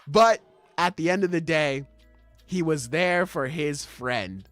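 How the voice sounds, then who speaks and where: A man's voice: a little high, slow pace, fairly bright tone, no echo, faint music behind. A young man hosting a podcast, chatting casually and acting out scenes with swearing and laughter. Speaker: podcast host. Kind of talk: casual chat.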